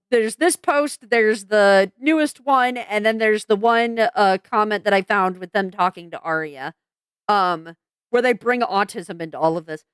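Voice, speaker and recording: A woman's voice: on the high side, smooth, no echo. A woman venting in a commentary vlog, frank and exasperated, swearing and restarting her sentences with lots of fillers. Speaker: vlogger.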